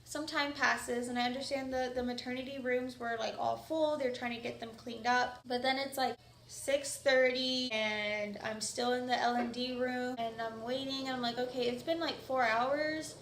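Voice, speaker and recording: A woman's voice: high-pitched, fairly even intonation, normal speed, a bit bright. A young woman vlogger casually telling a personal story, chatty and full of "like" fillers. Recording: echoey room.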